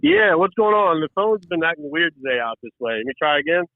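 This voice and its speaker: A man's voice: on the high side, animated, fairly quick, no echo. A middle-aged man calling in as a guest, chatting in an easygoing, friendly way. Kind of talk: casual chat over the phone. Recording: tinny phone line.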